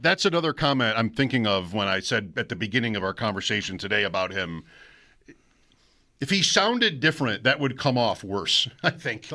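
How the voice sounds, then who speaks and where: A man's voice: lowish voice, pushed and bright. A man co-hosting a sports talk radio show, talking casually and repeating words as he restarts his thoughts.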